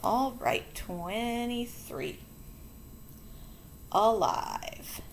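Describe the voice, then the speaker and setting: A woman's voice: a little high, expressive, very slow, gravelly, slight background noise. A woman teaching a phonics lesson to children, explaining board work patiently and chattily, correcting herself as she goes.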